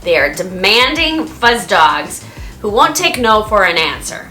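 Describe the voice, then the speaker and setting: A woman vlogger chats animatedly to the camera about life at home, often laughing. Her voice sits a little high and sounds bright and forward. Faint music plays behind her. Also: big pitch swings, unhurried. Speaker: vlogger and dog owner. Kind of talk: casual storytelling to camera.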